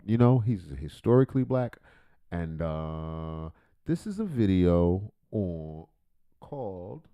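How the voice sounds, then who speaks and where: A man's voice: deep voice, big pitch swings, takes it slowly, warm tone, smooth. A man hosting a comedic livestream reaction, rambling, swearing and joking. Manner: rambling, profane, joking, self-interrupting. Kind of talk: casual comedic reaction commentary.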